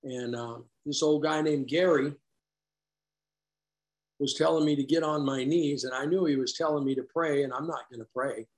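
A man sharing his personal story at a recovery meeting, candid and self-deprecating, halting and restarting as he talks. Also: mid-range voice. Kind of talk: personal story told to a group.

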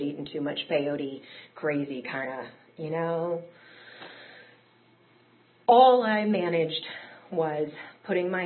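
A woman telling her own recovery story in a candid, conversational way that rises into emotional peaks. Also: deep voice. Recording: tinny phone-like audio.

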